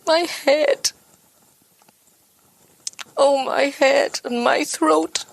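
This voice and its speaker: A woman's voice: mid-range voice, lively intonation, a bit bright, dry recording. A worn-down, self-blaming mother. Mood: distraught. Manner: halting, broken, inward monologue. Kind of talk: dramatic monologue.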